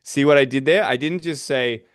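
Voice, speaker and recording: A man's voice: medium pitch, normal speed, clean tone. A man coaching real estate agents on door-knocking, casually acting out doorstep conversations. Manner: casual, acts out doorstep dialogue. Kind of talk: teaching door-knocking technique.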